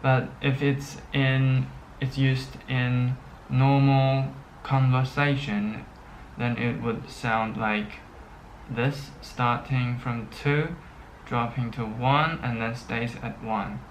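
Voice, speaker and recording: Teaching Chinese without a script, this man speaks in a mid-range, fairly even voice, very slow and halting, full of pauses and fillers and frequent "okay" check-ins. The recording is low quality with slight background noise.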